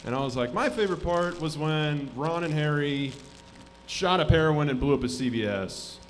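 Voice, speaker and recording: A man in his twenties doing a live stand-up set in a comedy club, deadpan, muttering asides and then bursting into shouted voices. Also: on the high side, normal speed, slight background noise. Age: 20s.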